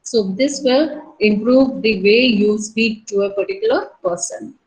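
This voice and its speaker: A woman teacher with an Indian English accent, giving a lecture to a college class. She explains slowly, repeats herself and uses many fillers. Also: medium pitch, a little mellow, poor audio.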